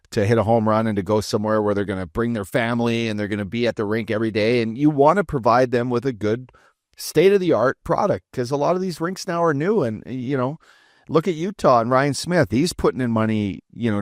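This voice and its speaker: A man's voice: fairly low pitch, no room sound, studio quality. A man co-hosting a casual hockey podcast, talking in a laid-back drawl with plenty of fillers.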